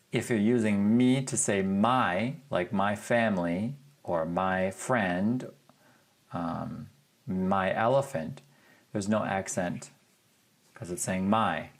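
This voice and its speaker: Slow, relaxed man teaching a lesson. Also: on the low side. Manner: relaxed, chatty, thinks aloud with ums. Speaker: Spanish teacher. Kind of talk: casual screen-share lesson narration.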